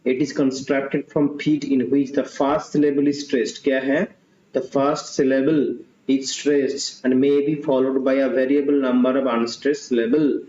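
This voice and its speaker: Speaking at normal speed in a mid-range, dark-toned voice with flat delivery, a male tutor leads an online literature exam-prep class. He goes over questions and options repeatedly, slipping in Hindi asides, on a dull, roomy lo-fi recording.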